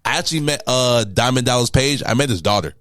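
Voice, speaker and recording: A man's voice: medium pitch, quick pace, fairly bright tone, no room sound, clean studio sound. A man in his twenties co-hosting a podcast, bantering casually in slang and swearing freely. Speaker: podcast co-host. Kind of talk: casual chat.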